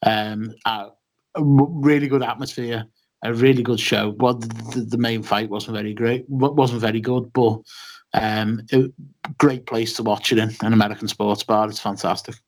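A man's voice: on the low side, fairly even intonation, normal speed. A man co-hosting a casual podcast chat, telling a long story with many ums and restarts. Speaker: podcast co-host.

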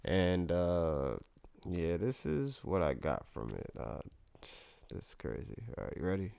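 A man co-hosting a podcast, chatting casually and reacting to a clip with animated commentary. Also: low-pitched, a little slow, creaky, smooth, dry recording. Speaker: podcast co-host.

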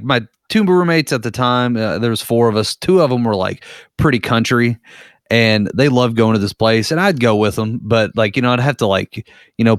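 A man tells a story in a loose, rambling way, swearing freely and leaning on filler words. His voice is mid-pitched and recorded dry and close. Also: clean tone, dry recording. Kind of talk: casual storytelling.

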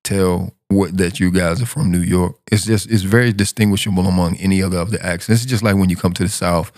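A man hosts a podcast in a very deep, gravelly voice with a flat, even delivery. He rambles, repeating and restarting words as he goes. The sound is close and dry. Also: fast talker, dry recording. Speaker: podcast host. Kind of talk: casual podcast interview.

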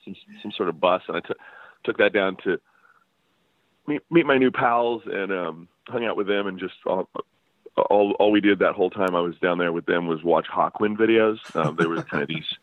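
A man with a very low voice tells loose, laughing stories as the guest musician, circling back and restarting his sentences. He comes through a dry, narrow, phone-like line. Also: moderate pace, no room sound. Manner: rambling, laughing storyteller with many restarts. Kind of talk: casual interview chat.

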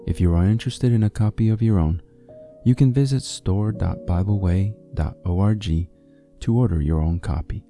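A man hosting an audio devotional, reading scripture in a calm, measured way. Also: low voice. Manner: calm, measured, slow on references. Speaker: devotional host. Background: soft instrumental music.

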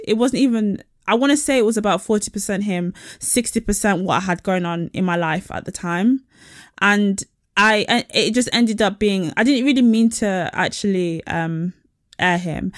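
A young woman co-hosts a chat podcast. She tells stories bluntly and with energy, swearing freely. Her voice sits at a middling pitch and sounds dry and close. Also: no echo. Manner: animated, blunt storytelling with frank swearing. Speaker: podcast co-host. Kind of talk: casual chat.

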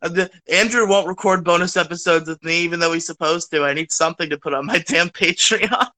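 Bright-voiced male podcast co-host. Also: a little high, a little fast. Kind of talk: casual chat.

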